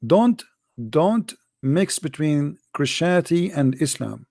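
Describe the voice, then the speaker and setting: A man's voice: fairly high pitch, animated, measured pace, mellow. A middle-aged man with an Arabic accent, hosting a call-in show and giving a polemical religious talk in a mocking, emphatic way with broken grammar.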